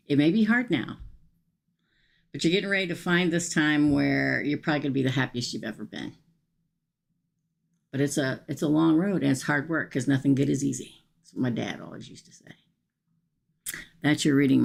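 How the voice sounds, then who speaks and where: Middle-aged woman, lowish voice, emphatic live-stream tarot reader. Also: creaky. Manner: chatty and emphatic, frequent "okay?" asides.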